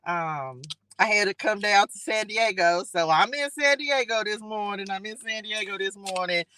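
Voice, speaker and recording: A middle-aged woman hosting a spiritual morning livestream in a casual, excitable way, often repeating greetings to her audience. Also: medium pitch, normal speed, dry recording.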